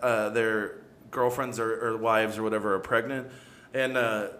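A man's voice: lowish voice, level tone, normal speed, a bit bright. A man co-hosting a casual podcast, sardonic and swearing freely as he chats. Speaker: podcast co-host. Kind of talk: casual chat.

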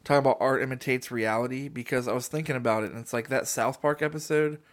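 A young man chats casually on a podcast, spinning a long anecdote. He laughs often and slips into quick impressions of the people in his story. His voice sits at an ordinary middle pitch. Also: fairly even intonation.

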